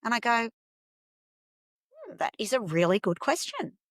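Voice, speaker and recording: A woman tells a personal story as a podcast guest, lively and full of feeling, and she slips into the voices of the people she quotes. Her voice sits fairly high. The sound is dry and close to the mic. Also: a little slow, no echo. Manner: animated, acts out dialogue in quoted voices.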